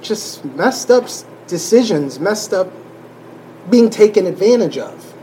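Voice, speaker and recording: A man sharing a personal faith testimony in an emotional, halting way, often restarting his sentences and sighing. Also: high-pitched, lively intonation, dark tone, slight background noise, low-quality recording. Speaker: church member sharing testimony.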